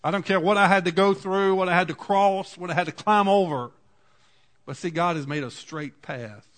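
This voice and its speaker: Male preacher, 40s, slightly high voice, folksy sermon storyteller. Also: moderate pace. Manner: folksy storytelling, swings from quiet asides to loud cries. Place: church.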